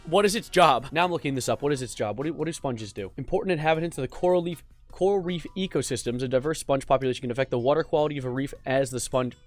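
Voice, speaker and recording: A man's voice: medium pitch, fast, hardly any pauses, soft background music. A young man casually vlogging from home, goofy and rambling, with self-mocking asides. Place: home room with a cat. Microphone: desk mic.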